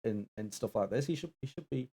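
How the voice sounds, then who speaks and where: A man with a medium-pitched, warm, slightly rough voice talks fast and animatedly while co-hosting a charity live stream. As co-host and assistant of the event, he trades casual, easygoing banter and often restarts his words.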